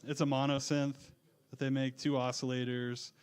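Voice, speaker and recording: Speaking at a moderate pace with little pitch movement, the man has a clean, mid-range voice. Having just performed at a live music event in a bar, he gives easygoing, casual answers about his music.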